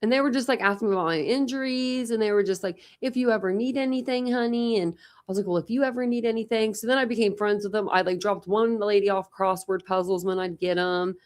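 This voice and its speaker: A woman's voice: mid-range voice, fast. A talkative young woman hosting a casual panel chat, telling stories with lots of quoted voices. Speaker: channel host.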